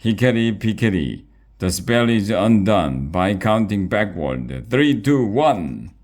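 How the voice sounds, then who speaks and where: A man's voice: sits low, lively intonation, slow, darkish tone. A man reading aloud, voicing a fussy male wizard who gives orders and chants a spell. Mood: bossy.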